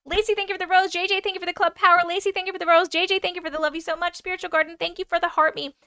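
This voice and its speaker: Bright high-voiced woman chatting on a livestream. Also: no room sound, studio quality. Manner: chatty and excitable, rattles off thank-yous fast; swears casually, gasps and laughs often. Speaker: livestream host. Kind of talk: casual livestream chat, reading comments and thanking gifters.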